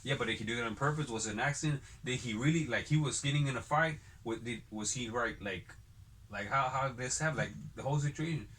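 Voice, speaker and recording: A man's voice: mid-range voice, quick pace, fairly bright tone. Man telling rambling, cursing stories. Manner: rambling profane storyteller. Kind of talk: casual chat.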